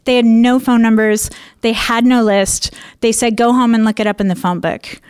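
A woman's voice: fairly high pitch, fairly even intonation, normal speed, a little mellow, clear, resonant tone, no echo, studio quality. A young adult woman telling a personal story to an audience, candid, with frequent laughs and fillers. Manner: candid, laughs often, many fillers and restarts. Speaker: speaker sharing a personal testimony. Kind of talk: personal storytelling talk with slides.

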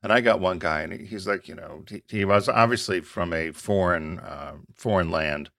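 A man's voice: low-pitched, moderate pace, vocal fry, dry recording, studio quality. A man co-hosting a podcast, chatty and rambling in casual conversation. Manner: chatty, animated, rambling with restarts. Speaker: podcast co-host. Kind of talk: casual chat.

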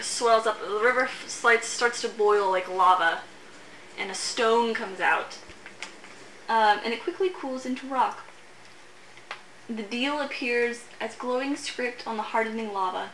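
A woman's voice: on the high side, pushed and bright. A woman running a tabletop game as game master, narrating casually with lots of filler words. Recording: roomy echo, faint hiss.

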